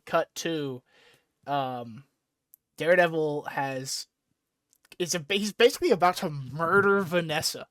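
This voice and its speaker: Animated young man recapping comics. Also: a little high, measured pace, pauses often, dry recording, studio quality. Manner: animated retelling, acts out quotes casually. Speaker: podcast host. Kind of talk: casual comic book recap chat.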